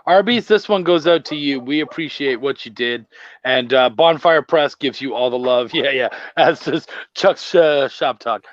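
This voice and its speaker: A loud, gregarious man hosting a casual chat, telling animated, profane stories. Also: medium pitch, moderate pace, muffled recording. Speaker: podcast host.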